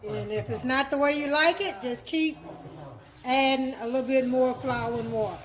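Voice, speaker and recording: High-voiced woman cooking at home. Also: moderate pace, rough recording. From Texas. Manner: chatty, homey, repeats words while explaining. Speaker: cooking vlogger. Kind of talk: casual cooking demonstration. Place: home kitchen.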